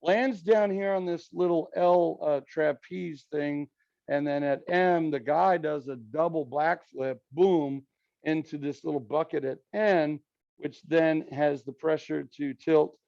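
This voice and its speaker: A man's voice: on the high side, steady tone, unhurried, vocal fry, a little mellow, dry recording. A male math teacher lecturing a class, walking through each step and often checking in with "okay?" and "right?". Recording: dull lo-fi, dry sound.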